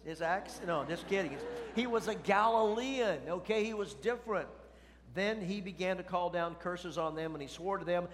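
A man's voice: high voice, moderate pace, slight background noise. A middle-aged man preaching a sermon as a pastor, talking conversationally and asking the congregation questions. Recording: long hall reverb.

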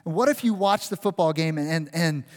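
A man preaching a sermon as pastor, animated and acting out what a crowd would shout. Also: fairly high pitch, brisk. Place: church sanctuary. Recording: long reverb of a large hall.

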